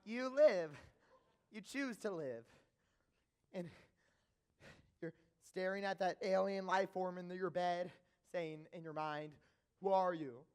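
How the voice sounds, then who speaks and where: A man's voice: sits high, takes it slowly, long pauses, darkish tone, clean tone. A man playing a nervous, chatty theater fan who narrates with rambling asides to the audience in a stage musical. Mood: musing.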